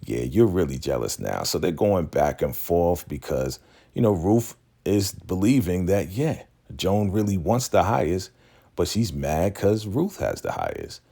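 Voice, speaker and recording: A man hosting a casual episode recap, telling it in an animated way with quick laughs. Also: sits low, gravelly, husky. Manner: animated storytelling, slips in laughs and acted-out quotes. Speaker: YouTube recap host.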